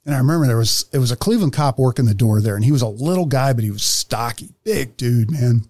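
A man co-hosting a podcast, telling old police stories in a casual, animated way, swearing and laughing often. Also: medium pitch, fast talker, no room sound, studio quality. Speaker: podcast co-host, former police officer. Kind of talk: casual storytelling chat.

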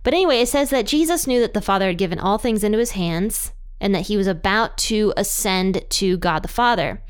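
A woman leads a Bible study, explaining scripture in a relaxed, chatty way. Her medium-pitched voice is smooth and brisk, and she laughs lightly between points.

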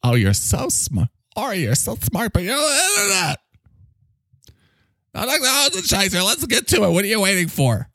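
A man voicing a cocky, needy male talking microphone that swoops in pitch and bursts into shouts. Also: huge pitch swings, moderate pace, gravelly, dry recording, studio quality, heavily acted. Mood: bossy. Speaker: podcast co-host character. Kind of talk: improvised comedy bit.

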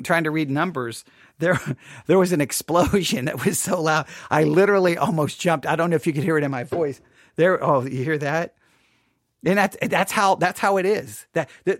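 A man hosting a Bible podcast, chatting casually and restarting his sentences, then reading scripture slowly and solemnly. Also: on the high side, no room sound, clean studio sound. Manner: chatty and self-interrupting, reads scripture in a slow solemn cadence. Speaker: podcast host and Bible teacher. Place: small home studio.

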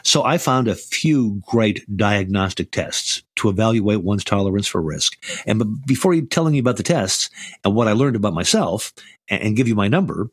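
Husky older man, dry close sound. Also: lowish voice, expressive, moderate pace, dry recording. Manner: storytelling, frequent restarts and stammered repeats. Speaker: podcast host. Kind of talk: casual conversational podcast.

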